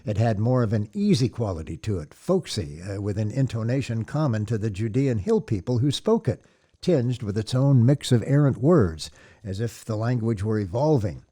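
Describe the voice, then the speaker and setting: A man narrating an audiobook in a measured, descriptive storytelling manner. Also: on the low side, big pitch swings, dark tone. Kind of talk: scripted narration.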